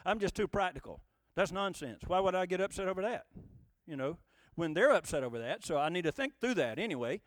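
High-pitched and emphatic, a man preaches a folksy sermon that feels like a conversation, asking his listeners rhetorical questions. The audio carries no echo.

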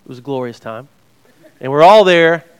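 A man's voice: fairly high pitch, lively intonation, normal speed, clear, resonant tone. A man from Georgia preaching a conversational sermon as a Bible teacher, restarting phrases and checking in with his listeners.

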